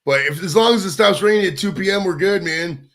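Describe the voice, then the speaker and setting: A man's voice: sits high, a little fast, a bit bright. A man hosting a live stream, chatting casually in a crude, rambling, profane way. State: out of breath. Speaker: livestream host.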